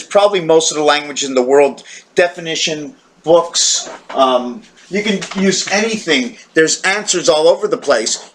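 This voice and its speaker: A man's voice: fairly high pitch, fairly bright tone, a little hiss or hum. A tired man talking to camera in a rambling, wandering monologue, questioning himself and breaking into playful sound effects. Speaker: video maker.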